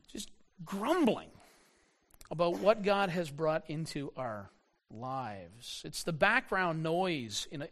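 A middle-aged male pastor preaching a sermon, animated, repeating words and slowing down to stress a point. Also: high-pitched.

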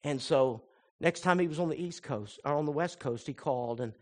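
Animated storytelling preacher, slightly high voice. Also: male voice, brisk. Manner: animated storyteller who acts out quoted voices; drops to a soft, earnest tone for the application. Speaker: pastor. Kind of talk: sermon storytelling.

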